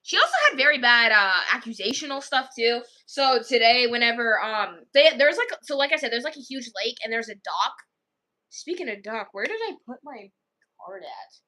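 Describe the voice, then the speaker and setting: Rambling chatty girl with a bright voice. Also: a little high, expressive, moderate pace. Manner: rambling, full of "I was like". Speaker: vlogger telling a story. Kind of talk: casual storytime chat.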